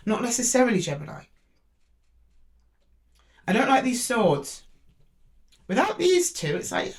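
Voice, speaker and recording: A woman's voice: fairly high pitch, big pitch swings, unhurried, long pauses. A woman reading tarot cards to camera. She speaks straight to the zodiac sign, thinks aloud and often stops and restarts. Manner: hesitant, with frequent restarts while drawing cards. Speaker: tarot reader.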